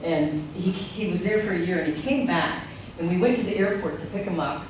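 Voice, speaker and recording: A middle-aged speaker delivers a storytelling sermon in a large sanctuary and brings each remembered quote to life. The voice comes from well back from the microphone and rings in a very echoey hall, with steady noise underneath. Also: mid-range voice, brisk. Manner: animated storyteller who acts out remembered quotes. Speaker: speaker at a spiritual center service. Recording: echoey hall from far off, noisy.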